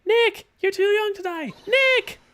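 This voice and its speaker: A woman's voice: very high-pitched, normal speed, voice pushed up. A woman voicing a bubbly, cheeky teenage girl who is a spirit medium in a video game. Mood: excited. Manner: excitable, teasing.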